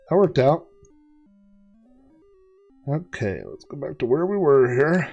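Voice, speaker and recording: A man's voice: on the high side, animated, slow, pauses often, a little mellow, muffled recording, faint music behind. A man giving casual gameplay commentary, rambling and chatty, with many fillers and laughs at his own jokes. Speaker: let's play host.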